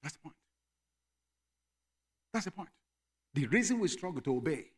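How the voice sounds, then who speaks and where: A man preaching a sermon as pastor, emphatic, dropping to quiet asides and rising to shouted commands. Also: fairly high pitch, very animated, normal speed, long pauses.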